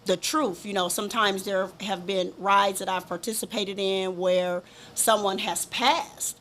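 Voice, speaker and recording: A woman's voice: medium pitch, steady tone, a little slow, fairly bright tone, a little hiss or hum. A woman from Compton giving a candid interview about riding, talking emphatically and repeating her points. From Compton, California. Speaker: motorcycle rider, interview guest. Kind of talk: casual interview chat.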